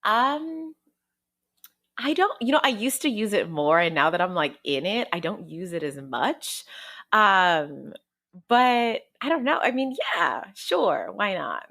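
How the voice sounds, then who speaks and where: A woman's voice: medium pitch, big pitch swings, takes it slowly, creaky, fairly bright tone. A woman guest on a podcast, chatting casually and thinking aloud with a giggly, easy manner. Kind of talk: casual chat.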